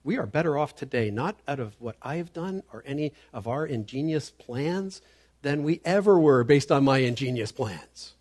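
A man's voice: medium pitch, lively intonation, normal speed, darkish tone. A man preaching a sermon as pastor, earnest and emphatic, often stammering on the start of a word. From Canada.

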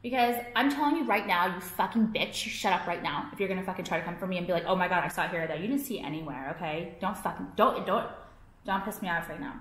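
A woman's voice: fairly low pitch, fast, fairly bright tone. A young woman vlogging to her viewers, ranting in a profane, exasperated way and filling her talk with "like". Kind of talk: casual ranting to camera. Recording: echoey room.

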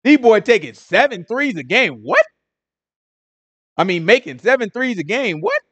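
A man with a fairly high voice teaches a Bible study in relaxed, slangy conversation. He is animated and keeps turning to his listeners with quick questions. The sound is close and dry, with no room around it. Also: no echo.

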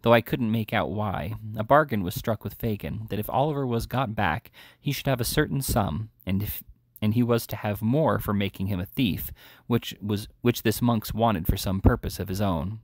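A man's voice: lowish voice, moderate pace, no echo, clean studio sound, lightly acted. A man voicing a desperate, ashamed young woman thief, pleading and urgent.

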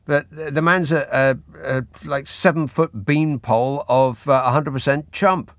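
A man's voice: a little high, fairly even intonation, a little slow, a bit bright, no room sound. A male radio host on a phone-in show, sardonic and exasperated, speaking into a studio mic. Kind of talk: late-night phone-in talk.

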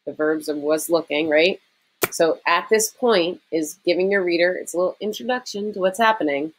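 A woman's voice: on the low side, normal speed, poor audio. A woman teacher giving a recorded writing lesson to her students, explaining step by step in a conversational way with frequent "okay" and "um".

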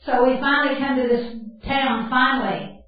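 A woman's voice: high-pitched, steady tone, moderate pace. Folksy older woman in an echoing hall. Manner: folksy, chatty, laughs at her own stories. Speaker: Bible camp speaker. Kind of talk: teaching talk mixed with personal stories. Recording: very echoey hall, distant and dull.

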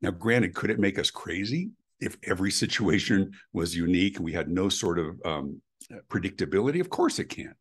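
A man's voice: low-pitched, lively intonation, a little fast, a bit bright, slightly rough. A middle-aged man speaking intensely and emphatically as an interview guest on customer experience. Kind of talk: animated interview answers.

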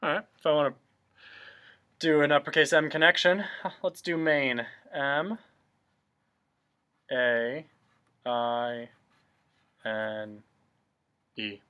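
Male teacher for a cursive lesson, unhurried and patient, mid-pitched voice. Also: bright, forceful tone, clear, resonant tone, muffled recording. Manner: patient, step-by-step explaining. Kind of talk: remote handwriting lesson.

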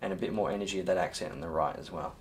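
Talking very fast in a low voice, this music teacher leads a recorded percussion lesson, with slight hiss or hum in the audio. Over the drumming he counts in and shouts sticking patterns, then patiently and calmly explains the technique.

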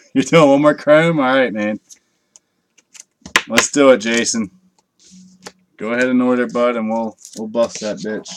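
A man's voice: mid-range voice, a little slow, long pauses, slight background noise. A man hosting a live card break, chatting casually with viewers and swearing freely as he opens packs late at night. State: tired from a long night.

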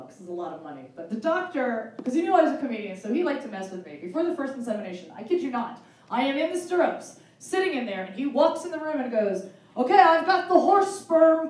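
At a benefit, a woman in her forties performs a self-mocking stand-up set on stage. She's punchy and leaps into loud, high character voices, captured by a distant mic in a very echoey venue.

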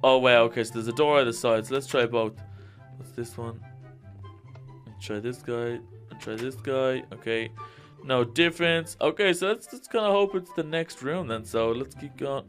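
A man giving let's-play commentary, jittery and excitable, talking straight to his viewers. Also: mid-range voice, moderate pace, faint music behind. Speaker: gaming YouTuber.

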